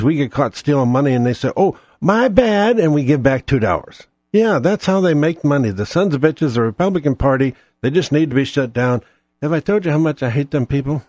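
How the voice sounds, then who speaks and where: A man's voice: mid-range voice, a little mellow, dry recording. A man hosting his own show alone, ranting in a profane, sarcastic, rambling way. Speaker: podcast host. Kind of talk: ranting solo monologue.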